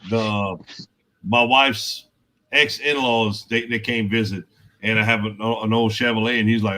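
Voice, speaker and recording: A man's voice: lowish voice, steady tone, a little slow, bright, forceful tone. A man chatting casually, easygoing, laughing along and telling a short story. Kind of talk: casual chat.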